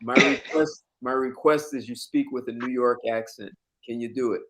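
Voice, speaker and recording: A man's voice: medium pitch, fairly even intonation, normal speed, very noisy. Playful man hosting a live stream. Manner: playful, teasing. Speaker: host. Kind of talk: casual live-stream chat.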